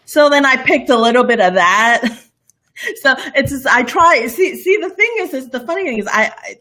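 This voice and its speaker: A woman's voice: sits high, lively intonation, normal speed, sharp tone. Brief: young woman from Borneo, blended international English accent, rambly and laughing, interview guest. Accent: mixed international English. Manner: rambling, many fillers and restarts, laughs often. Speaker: cooking show host, guest. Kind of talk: casual interview chat.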